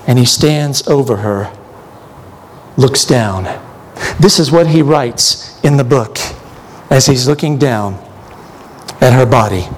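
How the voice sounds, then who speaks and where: Slow, emphatic male preacher. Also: mid-range voice, a little hiss or hum. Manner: slow, with rising emphatic repetitions. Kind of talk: sermon with altar call and prayer.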